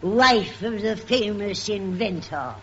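A woman's voice: mid-range voice, animated. A woman playing an aging, vain film star fondly recalling her saucy career. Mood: grand. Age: older. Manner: slow, grand, saucy. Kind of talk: 1960s radio comedy acting. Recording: muffled old radio recording with hiss and audience.

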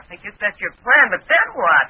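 Actress as a playful young girlfriend, lively up-and-down voice, tinny old radio sound. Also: medium pitch, moderate pace, a little hiss or hum, lightly acted. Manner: playful, teasing, coaxing. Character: young woman, the hero's teasing sweetheart. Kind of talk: 1950s radio acting.

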